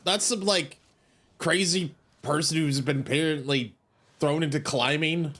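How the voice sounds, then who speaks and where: A man's voice: a little high, unhurried, fairly bright tone. A man doing let's play commentary, chatty and self-mocking as he talks himself through the game. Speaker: gaming streamer.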